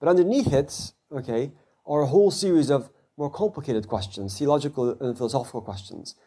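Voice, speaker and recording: A man's voice: mid-range voice, fairly quick, dark tone, husky. A man, a physics professor, giving a conversational public lecture to a live audience and often checking in with listeners. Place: event hall before an audience.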